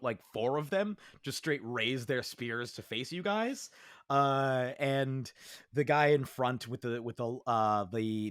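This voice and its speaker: A man's voice: medium pitch, a bit bright, dry recording, clean studio sound. A young man narrating as dungeon master in a tabletop game, talking with many fillers and restarts.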